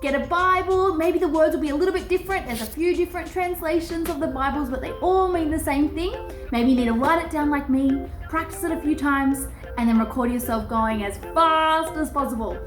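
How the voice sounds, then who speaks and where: A woman's voice: sits high, a little fast, reverberant, faint music behind. An Australian woman presenting a children's church lesson from her home garage, playful and speaking to kids.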